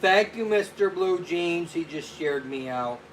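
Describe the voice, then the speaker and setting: A man's voice: a little high, expressive, unhurried, slight background noise. A man hosting a casual live stream as a physical therapist, chatting loosely, greeting viewers by name and answering their questions.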